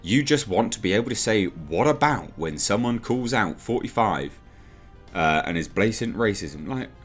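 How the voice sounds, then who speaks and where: Over soft background music, a British man in a commentary vlog delivers an exasperated, sarcastic rant, slipping into mocking impressions. He speaks at normal speed with a fairly low pitch and lively intonation.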